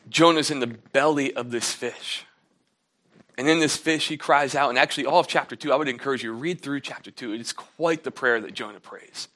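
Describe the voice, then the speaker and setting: A man's voice: medium pitch, brisk, fairly bright tone. A young man preaching a casual, storytelling sermon, acting out the characters' lines as he retells a Bible story. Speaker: pastor.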